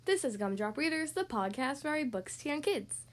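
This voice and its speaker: High-voiced woman reading a kids' story. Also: brisk. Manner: gentle, expressive storytelling. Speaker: podcast host reading to kids. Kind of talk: children's story read-aloud.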